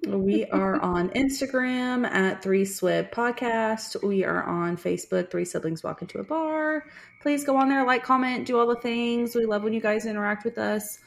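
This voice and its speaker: A woman's voice: on the high side, normal speed, vocal fry. A woman co-hosting a podcast, telling chatty, profane anecdotes in casual talk. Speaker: podcast co-host. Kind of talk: casual chat.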